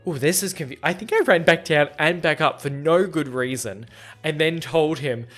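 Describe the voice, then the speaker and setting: Young male podcast host, slightly high voice, rambling self-deprecating storyteller, faint music underneath. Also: normal speed, a bit bright. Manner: rambling, self-deprecating, acts out both sides of conversations. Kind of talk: casual storytelling chat.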